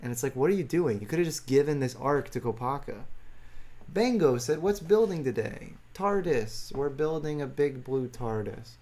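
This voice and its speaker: A man's voice: mid-range voice, lively intonation, normal speed, warm tone. A man streaming live, answering viewer chat in a rambling, self-deprecating way and chuckling often.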